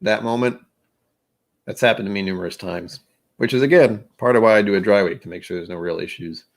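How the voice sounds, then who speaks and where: A man's voice: fairly low pitch, a little fast, vocal fry. A man hosting a casual livestream who rambles in a self-deprecating way and often restarts his sentences. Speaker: host of a whisky livestream.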